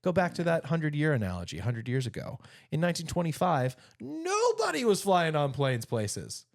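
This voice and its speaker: A man in his thirties co-hosting a casual podcast chat, animated and jokey, rambling through stories. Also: a little high, moderate pace, gravelly, dry recording, clean studio sound. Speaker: podcast co-host.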